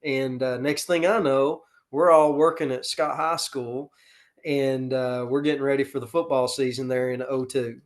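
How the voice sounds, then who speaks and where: A man's voice: mid-range voice, fairly even intonation, normal speed. A middle-aged man, a football coach talking casually and earnestly in an interview, with many fillers. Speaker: podcast guest, football coach.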